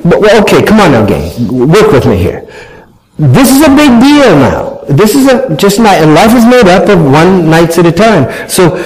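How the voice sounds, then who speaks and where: A man's voice: sits high, very animated, normal speed, a little mellow, poor audio. A man telling a humorous family story to an audience, self-mocking and acting out his family's voices.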